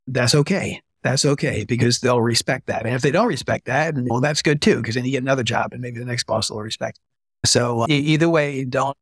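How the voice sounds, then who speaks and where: A middle-aged man, a retired army physician, talking as a guest in an interview and telling lively stories. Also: mid-range voice, gravelly, no room sound, clean studio sound. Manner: animated storyteller, acts out quoted voices. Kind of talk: conversational storytelling interview.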